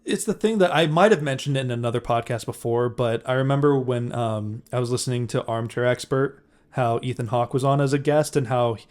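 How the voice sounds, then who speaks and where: A young man co-hosting a casual film podcast. He speaks at an average pitch in a loose, agreeable way and laughs often. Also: fairly quick. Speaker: podcast co-host. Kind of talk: casual film review chat.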